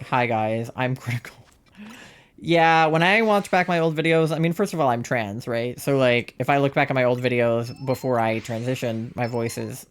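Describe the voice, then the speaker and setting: A young transmasc streamer in their twenties chats casually while gaming, rambling with lots of "like" and self-deprecating asides. The voice is male and mid-range.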